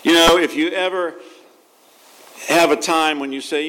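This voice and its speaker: A man's voice: on the high side, steady tone, measured pace, a bit bright. A man, a pastor, giving a conversational sermon with asides and restarts.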